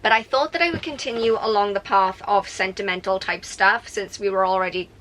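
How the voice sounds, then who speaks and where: A woman's voice: mid-range voice, brisk, fairly bright tone, slight background noise, poor audio. A young adult woman talking candidly to camera in her attic, rambling and emotional, with frequent restarts. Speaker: vlogger. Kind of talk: casual talk to camera. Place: home attic.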